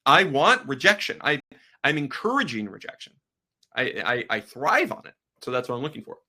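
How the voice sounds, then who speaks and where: A man teaching a photography business workshop in a casual, energetic and rambling way, acting out sales calls as he goes. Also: mid-range voice, normal speed, breathy edge.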